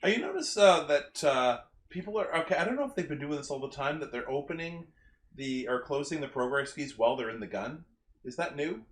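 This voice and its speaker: A man co-hosting a casual podcast chat, telling stories in an animated, rambling way with lots of fillers. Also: a little high, a little fast, slight background noise. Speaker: podcast co-host. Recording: roomy echoey mic.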